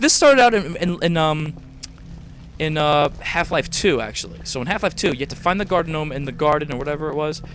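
A man's voice: on the high side, a bit bright. A young man hosting a gaming video, rambling casually, exasperated and swearing a lot. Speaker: host.

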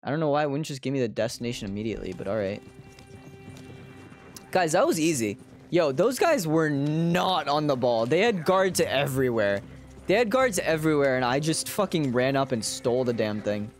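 Lively, foul-mouthed male streamer. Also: medium pitch, moderate pace, soft background music. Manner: casual, swears freely, chats to viewers. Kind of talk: gaming livestream commentary.

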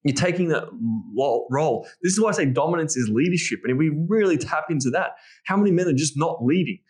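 A man's voice: fairly high pitch, lively intonation, quick pace, a little mellow. Blunt, profane man talking dating. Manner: blunt, profane, acts out his own lines. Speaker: dating coach guest. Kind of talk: casual podcast conversation.

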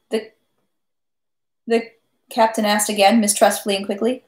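A woman's voice: medium pitch, moderate pace. Woman reading a novel aloud, echoey room. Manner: steady, with small slips and self-corrections. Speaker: reader of a novel. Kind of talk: read-aloud of a classic novel.

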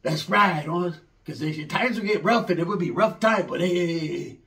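A man voicing a loud, hostile older male gang cousin who shouts slangy threats. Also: on the high side, moderate pace, vocal fry, far from the mic, pitched below the performer's own voice.

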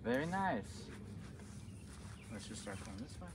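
A male dog trainer coaching outdoors in a field, his pitch leaping wildly between calm explanation and sing-song praise. He is heard from a distance, and loud wind and outdoor noise run behind his voice. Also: unhurried.

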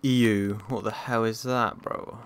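Young guy, horror gameplay commentary, slow-talking, jumpy, swears a lot. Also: on the low side, steady tone. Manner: jumpy, swears and yelps at scares. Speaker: gaming YouTuber.

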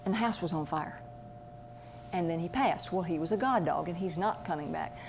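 A woman's voice: fairly low pitch, moderate pace, vocal fry, slight background noise. Chatty woman animal medium. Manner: chatty, animated, acts out voices in her stories. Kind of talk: casual storytelling talk.

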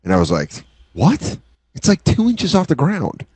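A man in his late thirties, a podcast co-host, telling crude comic stories in casual chat and acting out quotes in high yelps. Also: normal speed, breathy edge, no room sound. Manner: animated, swears freely, acts out quotes in high yelps. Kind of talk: casual comedic storytelling.

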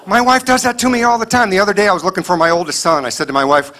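Male stand-up comedian, high bright voice, punchy animated delivery, live audience laughing. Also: rapid-fire, slight background noise. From Kansas City area, US. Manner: punchy, animated storytelling with mock dialogue. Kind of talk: clean stand-up set.

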